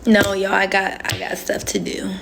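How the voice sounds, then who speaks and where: A woman talks loosely to her viewers on a phone livestream. Her voice has a gravelly, fry-laden edge at a mid pitch. She rambles from thought to thought and laughs often. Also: completely flat delivery, moderate pace, fairly bright tone, slight background noise. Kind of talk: casual livestream chat.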